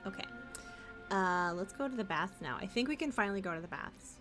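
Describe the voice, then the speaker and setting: A woman's voice: mid-range voice, animated, fairly quick, a bit bright, soft background music. A young woman casually chatting as she streams a video game, playful and talkative. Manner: chatty, playful, talks to chat and pets. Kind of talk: casual gameplay commentary.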